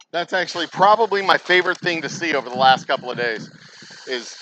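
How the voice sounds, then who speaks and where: Man, profane rant, lively pitch, noisy background. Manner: profane, ranting, animated. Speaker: distillery owner. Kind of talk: casual vlog rant. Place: distillery.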